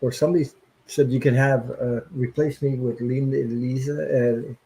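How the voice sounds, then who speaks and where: A man's voice: medium pitch, steady tone, moderate pace, warm tone, a little hiss or hum, poor audio. Tired, rambling man hosting a tarot stream. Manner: rambling, hesitant, many fillers. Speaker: livestream tarot host. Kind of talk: casual livestream chat.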